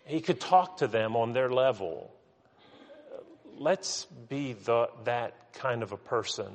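A man's voice: mid-range voice, expressive, takes it slowly, in a large hall. A man preaching a sermon with earnest emphasis, often restarting his words. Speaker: pastor.

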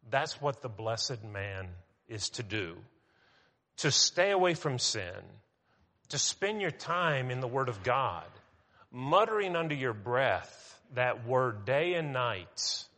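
A man preaching a sermon as pastor, talking in a conversational way with restarts, and slowing down for emphasis. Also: mid-range voice, bright, forceful tone, in a large hall.

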